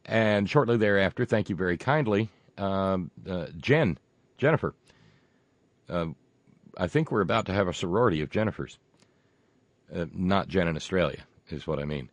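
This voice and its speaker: Low-voiced rambling male radio host. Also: expressive, no room sound. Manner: rambling, halting, many fillers and restarts. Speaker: radio talk show host. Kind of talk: casual on-air talk and fundraising pitch.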